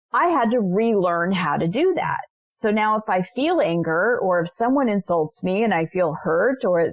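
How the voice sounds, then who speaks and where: Podcast guest: woman, middle-aged, lowish voice, dry studio sound, earnest storyteller. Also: no echo. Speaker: guest, coach. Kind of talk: podcast interview.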